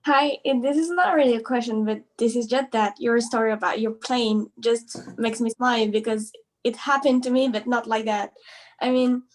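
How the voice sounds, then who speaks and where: High-voiced cheerful woman on a video call. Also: moderate pace, a little hiss or hum. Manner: cheerful, laughing often, animated. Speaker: caller sharing a story. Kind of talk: casual storytelling.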